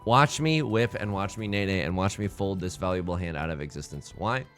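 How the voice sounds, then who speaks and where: A man hosting a let's play, giving excitable, jokey commentary full of exclamations as he plays. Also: deep voice, brisk, soft background music. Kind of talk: live gameplay commentary.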